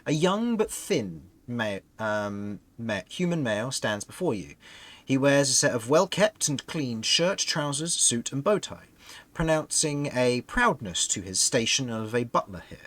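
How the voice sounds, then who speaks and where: A man's voice: medium pitch, big pitch swings, unhurried, a bit bright. Man, game master, tabletop narration, laughs between descriptions.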